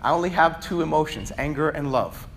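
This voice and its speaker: Preacher man shouting, high and bright. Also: expressive, brisk, gravelly, a little hiss or hum. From Virginia, USA. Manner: swings between loud shouting and quiet asides. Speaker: pastor. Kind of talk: sermon.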